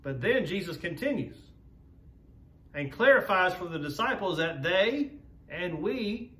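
Preacher with a high, echoing voice. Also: male voice, sing-song, sharp tone. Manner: measured, earnest preaching with slowed emphasis. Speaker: pastor. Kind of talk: sermon. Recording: roomy echo, voice from a distance.

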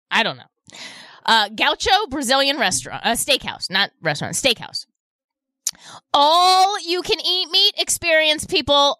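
A woman's voice: on the high side, sharp tone, no room sound. A woman hosting a live radio shopping show from a studio mic, bubbly and cooing over the deals as she reads them out. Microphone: studio microphone.

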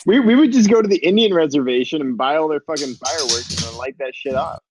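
A man's voice: a little high, expressive, quick pace. A man chatting and joking brashly while playing a game with friends in an online call. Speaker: co-player. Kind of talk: casual let's-play chat. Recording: noisy voice chat line.

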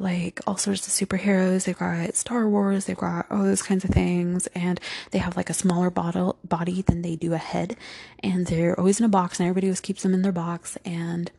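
A woman hosting a gentle self-help talk, rambling with many fillers and slipping into whispered asides. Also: mid-range voice, vocal fry, husky. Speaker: host.

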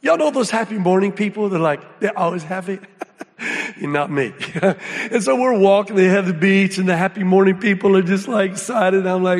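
Male preacher with a high voice, lively folksy storyteller, reverberant hall. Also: normal speed. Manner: animated storytelling, folksy, drops to hushed awe. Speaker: guest speaker. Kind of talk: sermon.

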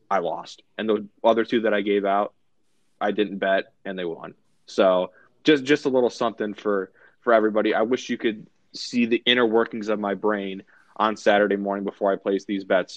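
A man with a lowish voice recaps his sports bets on a podcast, chatty and self-mocking about his luck. The sound is dull and dry. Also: dry recording. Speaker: sports betting podcast co-host. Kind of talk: casual podcast chat.

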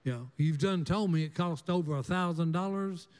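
A man's voice: fairly high pitch, moderate pace, a little mellow, clean tone, big-room sound, lightly acted. A man voicing a stubborn mother of seven who firmly turns a salesman away.

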